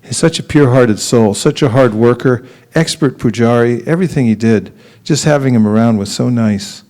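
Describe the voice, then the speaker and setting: A man's voice: medium pitch, warm tone. Man telling a chuckling temple sermon. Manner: storytelling with laughs and acted quotes; chants the mantra slowly. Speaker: temple teacher.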